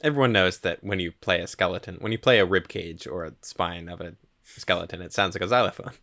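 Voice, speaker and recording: Low-voiced man chatting casually. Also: brisk. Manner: relaxed, hedging with "like" and "um". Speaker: podcast co-host. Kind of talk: casual film history chat.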